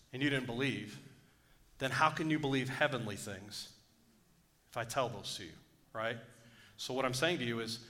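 A man's voice: mid-range voice, pushed and bright. A man preaching a sermon, joking with the congregation and asking for amens. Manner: joking, call-and-response preaching. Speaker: pastor.

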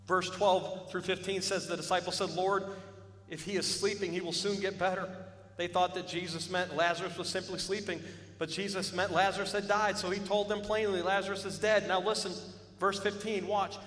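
A pastor preaching with a high, bright, forceful voice. He swells into shouts and asks the congregation to join in. His voice rings through a long-echoing church hall over faint music. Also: level tone, moderate pace. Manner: preaching with rising shouts and call-and-response. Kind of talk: sermon. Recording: echoey hall with music behind.

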